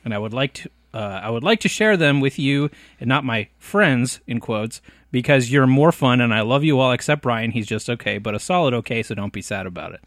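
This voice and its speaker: A man's voice: mid-range voice, lively intonation, fairly quick, fairly bright tone, no room sound, studio quality. A man hosting a casual podcast, joking crudely and laughing often. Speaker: podcast host.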